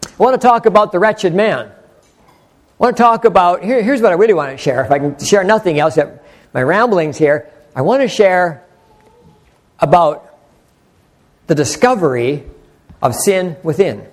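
A man's voice: sits high, lively intonation, normal speed, long pauses. An older man preaching an earnest, conversational sermon, rambling with frequent restarts. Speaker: pastor.

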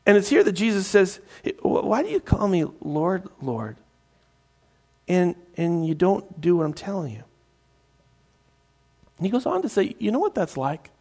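A man's voice: a little high, a little mellow. A man preaching a sermon, often repeating his words and acting out crowd voices. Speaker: pastor.

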